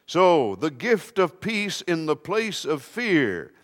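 A man preaching a sermon to a congregation in a slow, emphatic way with touches of light humor. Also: a little high, big pitch swings, a bit bright, in a large hall.

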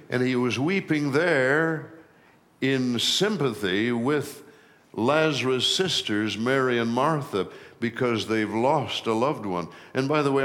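A middle-aged man preaching a sermon as pastor, rising in pitch and volume to stress key phrases and slowing down for weight. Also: a bit bright.

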